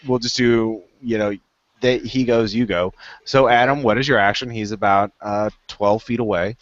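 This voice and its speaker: A man's voice: on the low side, dull audio. Laid-back man running a tabletop game. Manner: relaxed, halting, many fillers. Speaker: game master.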